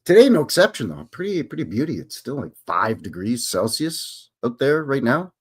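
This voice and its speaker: A man's voice: medium pitch, very animated, moderate pace, slightly rough. Brief: Canadian stream host, loose, joking, swings up and down a lot as he talks. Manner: rambling, joking, greets chatters by name. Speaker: livestream host. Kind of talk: casual live-stream chat.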